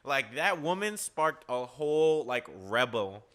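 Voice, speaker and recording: A young man hosting a podcast, telling a story in casual chat, animated and profane, full of "like" and "yo". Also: mid-range voice, a little slow. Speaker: podcast host.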